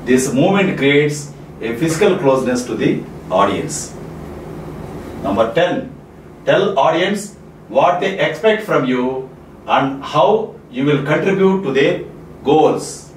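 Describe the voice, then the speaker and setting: A man from India teaching soft skills, giving numbered presentation tips and repeating his key points for emphasis. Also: a little high, lively intonation, slow pace. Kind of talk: spoken lecture with numbered tips. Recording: echoey room, distant mic, faint noise.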